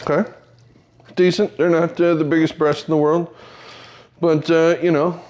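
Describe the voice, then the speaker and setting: A man's voice: a little high, flat delivery, normal speed, darkish tone, slight background noise. A man hosting his own cooking video, talking casually and joking constantly while he demonstrates a dish. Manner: chatty, jokey, talks a lot. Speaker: home cooking video host. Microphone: new mic setup.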